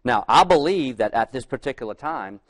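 A middle-aged man preaching a conversational sermon, putting questions to the congregation and reading King James verses slowly. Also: medium pitch, lively intonation. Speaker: lay preacher.

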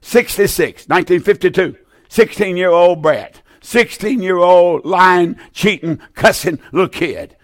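A man's voice: sits high, lively intonation, normal speed, dry recording, studio quality. An older man preaching on a call-in gospel broadcast, fervent and folksy, with many "uh" fillers. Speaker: radio preacher taking calls.

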